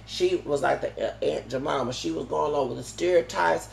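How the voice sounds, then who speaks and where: Gravelly man rambling in an echoey room. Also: a little high, a little fast, few pauses. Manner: digressive, many restarts and "okay?" tags. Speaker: vlogger. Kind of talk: rambling monologue.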